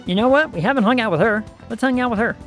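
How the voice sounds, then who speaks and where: A man's voice: very high-pitched, quick pace, a bit bright, soft background music. A man streaming a video game, chatting casually in a playful, jokey way. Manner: playful and jokey, slips into silly voices. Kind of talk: casual gameplay commentary.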